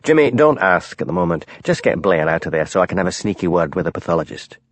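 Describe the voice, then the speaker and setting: A man voicing a shrewd, quiet Highland police constable in an audiobook, speaking with an urgent, lifted voice. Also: very animated, fast, no echo. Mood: confiding. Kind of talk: audiobook character voice.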